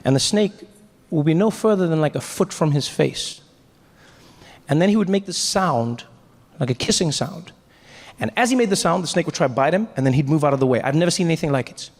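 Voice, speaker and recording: A man telling a stand-up story on stage, animated and playful, acting out other voices. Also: a little high, brisk, long reverb tail. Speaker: stand-up comedian. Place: live comedy stage.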